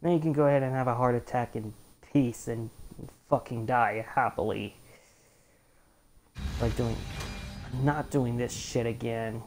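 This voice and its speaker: Profane, slow-talking male gamer. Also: medium pitch, steady tone. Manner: swears a lot, frustrated outbursts, chatty. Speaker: let's play gamer. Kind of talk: live gameplay commentary. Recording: gameplay audio with loud game noise.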